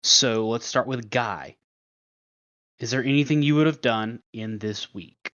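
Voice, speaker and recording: A man's voice: mid-range voice, unhurried, fairly bright tone, dry recording, highs cut off. A man running a tabletop role-playing game as its dungeon master, narrating casually and laughing often.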